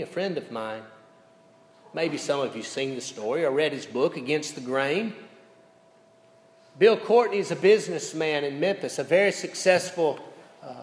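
A man preaching a sermon as pastor, telling a story with big swings between loud and hushed delivery. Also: fairly high pitch. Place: church sanctuary. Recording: echoey church hall sound.

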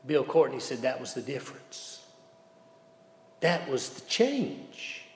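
A man preaching a sermon as pastor, telling a story with big swings between loud and hushed delivery. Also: mid-range voice, sing-song, takes it slowly. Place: church sanctuary. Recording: echoey church hall sound.

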